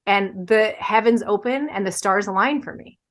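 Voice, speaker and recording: A woman's voice: medium pitch, normal speed, a bit bright. A woman who is a podcast guest, earnestly explaining her views with everyday examples in casual conversation.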